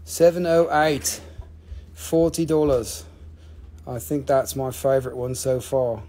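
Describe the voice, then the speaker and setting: A man's voice: mid-range voice, fairly even intonation, takes it slowly, dark tone. A man hosting a live stream to sell crystals, talking casually, swearing freely and counting down each sale.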